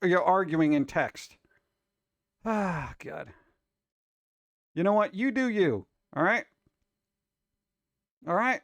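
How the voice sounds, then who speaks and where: Pria animasi yang jengkel dan suka bercanda. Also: male voice, on the high side, slow pace, long pauses, no room sound. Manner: exasperated, wisecracking, animated. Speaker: show host reacting to food videos. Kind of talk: casual reaction commentary.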